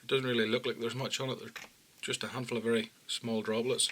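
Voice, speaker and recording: Man, calm tutorial voice, plain instructions, quiet moments, faint background noise. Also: mid-range voice, quick pace. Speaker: fly-tying instructor. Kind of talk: step-by-step tutorial narration.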